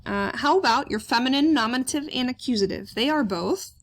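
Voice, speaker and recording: A woman's voice: high voice, expressive, brisk. A woman teaching a German grammar lesson, explaining step by step and asking questions she then answers. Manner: explains step by step, asks questions aloud and answers them, many "uh" fillers. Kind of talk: classroom grammar lecture.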